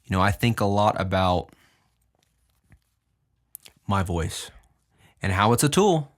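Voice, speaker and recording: A young man hosting a podcast, casually explaining his music and deliberately moving his pitch up and down as he talks. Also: lively intonation. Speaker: podcast host and music producer.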